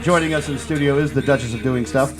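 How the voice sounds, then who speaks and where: A man's voice: medium pitch, music in the background. A man hosting a radio talk show from a studio, joking and bantering with his guest. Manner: joking, animated, quick banter. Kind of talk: casual talk radio chat.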